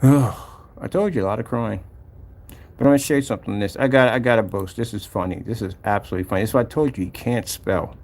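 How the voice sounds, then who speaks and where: A company owner gives casual screen-share commentary on his own product site, clicking through it and repeating his points in a mocking, exasperated way. His voice is fairly low with a darkish tone, and he talks fast.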